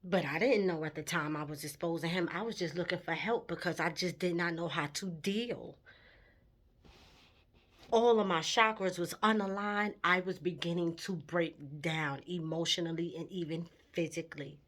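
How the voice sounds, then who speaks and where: A woman's voice: on the low side, moderate pace, fairly bright tone. A woman telling a personal story in a candid, emotional vlog, with her intensity rising at times. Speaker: vlogger.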